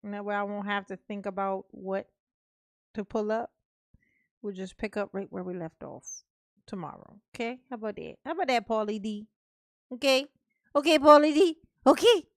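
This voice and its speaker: A woman's voice: medium pitch, fairly even intonation, no echo, clean studio sound. A woman hosting a casual livestream, talking in an affectionate, playful sing-song way and laughing with her viewers. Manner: calls herself Mama, drawn-out words. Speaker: livestream host.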